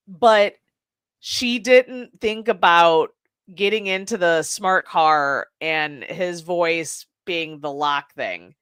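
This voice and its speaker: Woman podcast co-host, unhurried delivery, swears a lot, dry close sound. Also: lowish voice, fairly bright tone, clean tone, no room sound. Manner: profane, laughing retelling with mimicked lines. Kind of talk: casual movie review chat.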